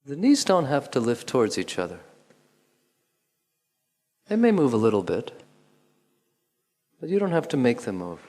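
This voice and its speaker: A man calmly guiding a movement lesson, giving instructions with pauses and counted beats. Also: medium pitch. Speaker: movement teacher. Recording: long hall reverb.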